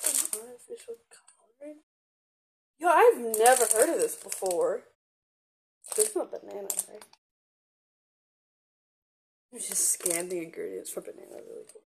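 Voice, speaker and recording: A young woman unboxing gifts in a vlog, gushing and excitable, gasping and giggling as she talks. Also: medium pitch, normal speed, vocal fry, slight background noise. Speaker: vlogger opening gifts.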